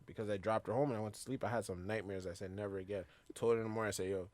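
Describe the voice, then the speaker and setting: A man's voice: on the low side, very fast, over a noisy crowd. A man co-hosting a podcast in casual chat, telling stories with acted-out quotes and free swearing. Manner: animated storyteller, acts out quotes, swears freely.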